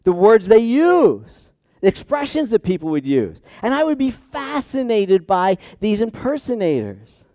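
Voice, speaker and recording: Man preaching, loud peaks and quiet asides. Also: sits high, sing-song, unhurried, no echo. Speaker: pastor. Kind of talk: sermon.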